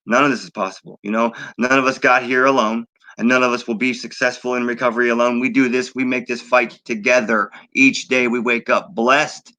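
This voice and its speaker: Bright-voiced man hosting a recovery livestream. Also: mid-range voice, little pitch movement, a little fast, few pauses, low-quality recording. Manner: heartfelt, repetitive shout-outs. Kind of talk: casual livestream sign-off.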